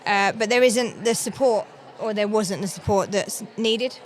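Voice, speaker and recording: A middle-aged English woman with a London accent, talking as an interview guest, friendly and quick to laugh. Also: mid-range voice. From England. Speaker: guest, founder of a police dyslexia network. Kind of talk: conversational interview. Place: conference floor.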